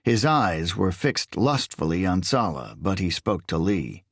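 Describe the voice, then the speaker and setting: A man reading a thriller audiobook in measured, expressive scripted narration. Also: low-pitched, husky, no echo, clean studio sound.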